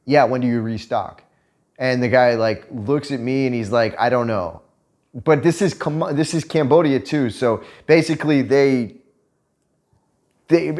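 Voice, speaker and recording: A man vlogger telling stories in a casual chat, profane and animated, laughing as he tells them. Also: medium pitch.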